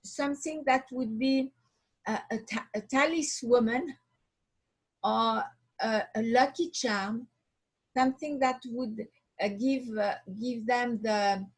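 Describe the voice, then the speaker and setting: A woman from Switzerland tells a personal story as an interview guest, speaking slowly and with many restarts as she hunts for the right word. Her voice is husky and sits a little high. It comes through a video call. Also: low-quality recording. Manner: halting, searching for words, restarts often. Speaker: watch designer, guest.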